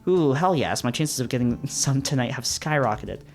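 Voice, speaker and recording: A man voices a tipsy, flirty male collie in a giddy mood, sounding close to his everyday voice. His pitch is medium and his intonation lively, with a darkish tone and a moderate pace, over soft background music.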